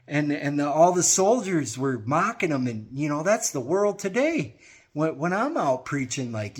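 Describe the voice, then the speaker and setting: Earnest, unhurried preaching man. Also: on the high side, slightly rough. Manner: earnest, urging, repeats phrases. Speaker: street preacher. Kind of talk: informal gospel sermon.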